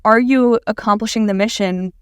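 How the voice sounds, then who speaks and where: Woman cohost on a podcast, smooth clear voice, dry close sound, thoughtful and agreeable. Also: a little high, moderate pace, no room sound. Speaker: podcast co-host. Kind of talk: casual podcast discussion.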